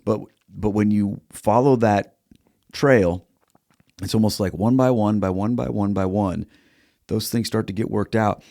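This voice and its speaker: A male host with a low voice leads a conversational interview. He is reflective and links the points his guest makes. The sound is dry and close. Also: fairly even intonation, measured pace, gravelly, dark tone, no echo. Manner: reflective, builds on the guest's story. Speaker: podcast host.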